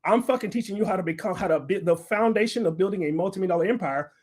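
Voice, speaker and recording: A man's voice: sits high, very fast, darkish tone, husky. A middle-aged man hosting a livestream, lecturing and arguing with viewers in a combative, profane rant. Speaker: livestream host. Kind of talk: ranting livestream commentary.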